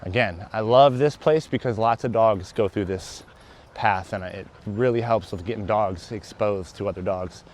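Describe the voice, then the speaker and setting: A young man, a dog trainer, talking casually through each step of a training session while walking his dog outdoors. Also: moderate pace. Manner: explains steps aloud, breaks into high excited praise for the dog. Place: outdoors on a walking path and grass.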